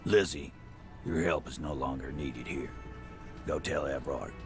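An actor playing a gruff, commanding male union boss in a game, blunt and world-weary, with a deep gravelly voice. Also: unhurried. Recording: game audio with music behind. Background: music.

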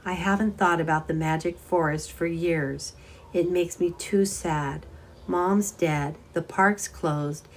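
A timid young woman, close to tears, as voiced by a woman reading aloud, talks softly and wistfully. The voice lifts a little above the reader's low narration while staying gentle and hesitant, a storybook heroine in a quiet moment. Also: steady tone, slow, slight background noise. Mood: sad wistful. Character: sad young woman clerk, tearful and timid.

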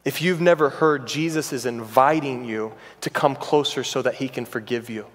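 A pastor preaching a sermon in a church, earnest and emphatic, building intensity on repeated phrases. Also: male voice, medium pitch, moderate pace. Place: church sanctuary. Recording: long reverb of a large church hall.

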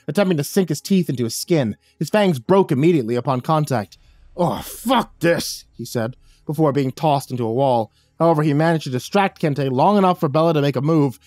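A man's voice: no room sound, clean studio sound. Man narrating horror dramatically. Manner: dramatic, drops low and soft for grim lines. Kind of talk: first-person horror story narration.

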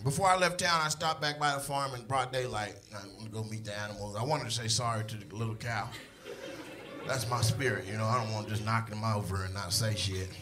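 A man in his thirties performing stand-up on stage, telling a story in an animated way that swings from hushed to shouting. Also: on the low side, brisk, a crowd in the background. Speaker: stand-up comedian. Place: comedy stage before a live audience.

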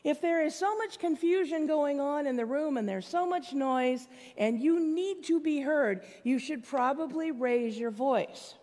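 A woman's voice: sits high, unhurried, hardly any pauses, darkish tone. A woman pastor giving a sermon in a conversational, plainspoken way, with asides to the congregation. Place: church sanctuary. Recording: long church hall reverb.

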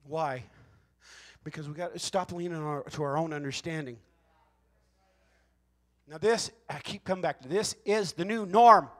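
A male pastor delivering a Pentecostal sermon in a conversational, folksy way, joking with the congregation and swinging between hushed asides and loud, emphatic shouts. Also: a little high, moderate pace, pauses often.

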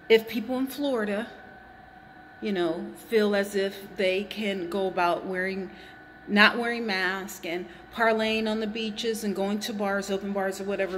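A woman's voice: mid-range voice, fairly bright tone, in a large hall, slight background noise. A woman vlogging from a hot garage, rambling and indignant as she repeats her points while chewing gum. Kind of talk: casual opinion vlog.

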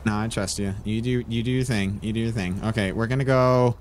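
A man's voice: lowish voice, steady tone, brisk, slight background noise, close to an everyday voice. A man playing an exasperated young man minding his cousin in an improvised game role-play, flustered and coaxing. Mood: reassuring.

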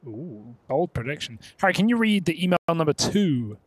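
A man's voice: a little high, big pitch swings, moderate pace, slightly rough. A man casting an esports match live, with dry wisecracks between calls. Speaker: esports caster. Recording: broadcast with game gunfire behind.

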